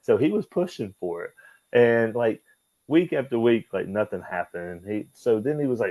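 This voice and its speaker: A former pro wrestler, appearing as an interview guest, tells stories loosely with plenty of swearing and laughter. His voice is on the low side and darkish, lively in intonation, at normal speed, with no room sound.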